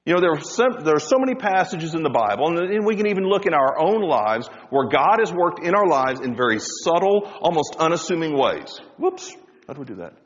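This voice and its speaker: Male pastor, fairly high voice, lively sermon delivery, dull recording with long hall reverb. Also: a little fast. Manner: animated preaching, rising and dropping for emphasis.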